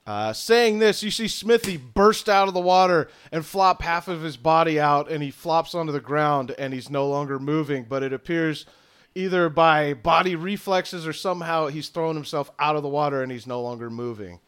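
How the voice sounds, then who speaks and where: A man running a tabletop game as game master, narrating scenes in an unhurried way with fillers. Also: fairly high pitch, fairly bright tone, smooth.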